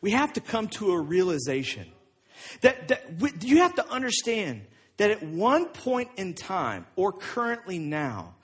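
A man preaching a sermon as pastor, telling the story with lively acted-out voices. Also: high voice, measured pace, slightly rough. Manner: animated storytelling, acting out voices of people in the story.

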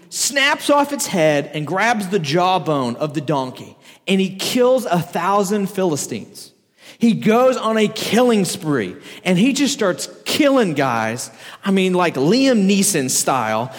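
A man's voice: high-pitched, measured pace. A man preaching a casual, joking sermon to a crowd, telling a story with frequent laughs. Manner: joking, animated, laughs often. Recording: echoey hall reverb.

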